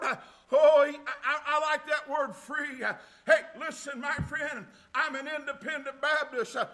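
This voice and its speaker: A pastor preaches a fervent sermon in an extremely high-pitched voice, breaking into shouts of glory and hallelujah and filling his pauses with "uh."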